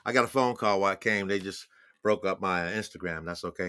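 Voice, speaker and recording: A man's voice: on the low side, steady tone, moderate pace, pauses often, pushed and bright, dry recording. A man in his sixties giving a rambling, profane livestream monologue with laughing asides. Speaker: livestream host. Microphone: phone or webcam on a live stream.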